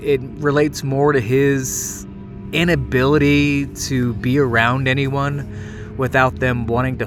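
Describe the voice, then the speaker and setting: Angry, swearing man in his late thirties. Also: mid-range voice. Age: late 30s. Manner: angry, heavily profane, stumbling restarts. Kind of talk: ranting monologue.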